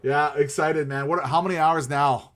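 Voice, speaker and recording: A man's voice: on the high side, steady tone, normal speed. A man hosting a live stream, chatting casually about hockey in a rambling way with many fillers and restarts.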